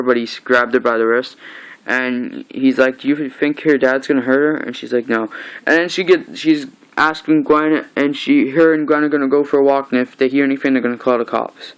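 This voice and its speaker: A young man chats through a comic book recap in a casual home vlog. He rambles, restarts and retells scenes with "he's like." His voice is clear and smooth, sitting at a middle pitch. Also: rough recording.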